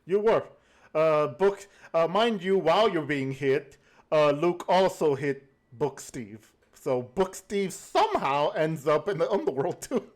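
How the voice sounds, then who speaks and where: A man narrating as game master of a tabletop game, slow and halting with many fillers. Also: fairly high pitch, lively intonation.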